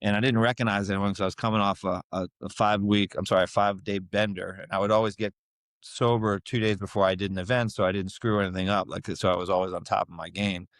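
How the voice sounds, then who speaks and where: A man's voice: on the low side, flat delivery, fast talker, dry recording. A middle-aged man telling a personal story in a casual interview, acting out the voices of people he quotes. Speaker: podcast guest.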